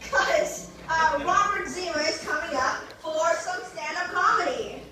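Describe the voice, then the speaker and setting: A woman with a very high voice introduces the next act slowly, hesitating as she goes. She is far from the microphone, and her voice carries a heavy echo through the hall. Noticeable background noise sits under her words. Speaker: event emcee. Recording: distant voice in echoey hall, noise.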